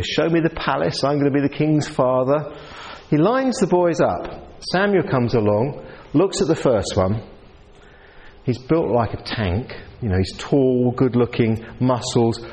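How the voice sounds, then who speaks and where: A man preaching a sermon into a handheld mic, telling stories in a lively way and acting out the people in them. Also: medium pitch, moderate pace. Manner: lively storytelling with voiced characters. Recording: long hall reverb, faint ambience.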